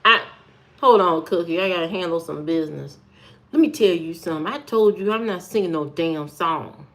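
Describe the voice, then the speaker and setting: A woman's voice: on the low side, moderate pace, fairly bright tone. Sassy, rambling woman livestreamer. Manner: playful, sassy, rambling banter with viewers. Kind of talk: casual livestream chat.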